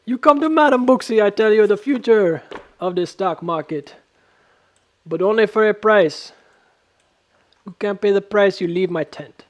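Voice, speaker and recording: A man's voice: high voice, voice pushed up, natural voice. Man putting on a hokey Jamaican fortune teller. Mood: mock-mystical. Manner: deliberately bad put-on Jamaican accent. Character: mock fortune teller, self-styled madam, greedy.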